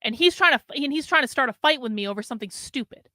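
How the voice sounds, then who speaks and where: A woman's voice: high voice, lively intonation, racing, bright, forceful tone, no room sound, clean studio sound. A woman host telling a personal story in a casual monologue, swearing often and filling her speech with "like" and restarts. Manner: profane, heavy use of filler "like", frequent restarts; agitated retelling. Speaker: political commentator host.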